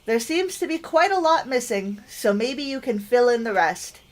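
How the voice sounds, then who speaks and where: A woman's voice: on the high side, lively intonation, normal speed, close to an everyday voice. A woman voicing a fussy, doting elderly grandmother who fires off caring questions. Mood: fond.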